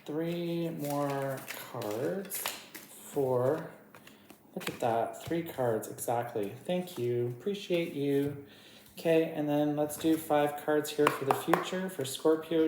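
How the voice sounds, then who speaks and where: Woman tarot reader, deep voice, chatty and giggly, faint hiss in an echoey room. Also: measured pace. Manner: chatty, giggly, talks to her cards. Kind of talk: casual tarot reading.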